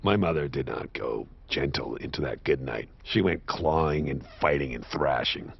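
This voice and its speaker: BoJack, a gravelly, bitter horse. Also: male voice, moderate pace, noisy background. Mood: raw grief. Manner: sardonic, self-mocking delivery with sudden high-pitched outbursts. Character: washed-up horse sitcom star, bitter, self-loathing, sardonic. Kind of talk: animated series voice acting. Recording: dull lo-fi show audio.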